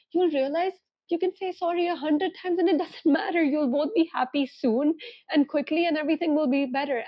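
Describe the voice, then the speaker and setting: A woman's voice: high-pitched, highs cut off. A young woman, a relationship coach, giving earnest, emphatic advice to camera and acting out the thoughts she quotes. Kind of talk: direct-to-camera advice vlog.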